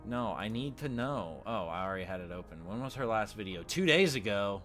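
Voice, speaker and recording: A man's voice: lowish voice, lively intonation, fairly quick, a bit bright, faint music behind. A man giving casual, crude and sardonic commentary while playing a game at a desk mic. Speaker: gaming channel host. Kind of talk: casual let's-play commentary.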